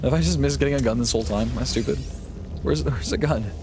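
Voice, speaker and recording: A man streaming live gameplay, talking to himself in excitable bursts, swearing and jumping up into high-pitched yelps. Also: quick pace. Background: game music.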